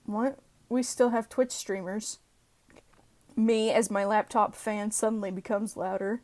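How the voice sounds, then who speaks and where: A woman's voice: mid-range voice, fairly even intonation, measured pace, darkish tone. A young woman casually reading internet posts aloud and adding playful, sweary asides between giggles. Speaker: reddit post reader.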